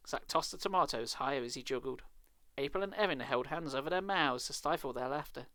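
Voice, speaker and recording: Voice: mid-range voice, fairly quick, fairly bright tone, dry recording. A streamer reading a children's horror book aloud live, with casual, sarcastic, swearing asides.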